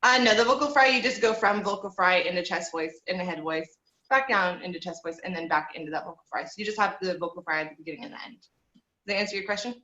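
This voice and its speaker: Bright-voiced woman coaching a video-call voice lesson. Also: lowish voice, quick pace, roomy sound, lo-fi sound. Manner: encouraging, relaxed coaching with frequent fillers. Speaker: voice teacher. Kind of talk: online group voice lesson.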